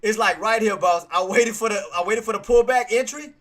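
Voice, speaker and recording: A male streamer giving live trading commentary, excitable, repetitive and quick to apologize. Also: high voice.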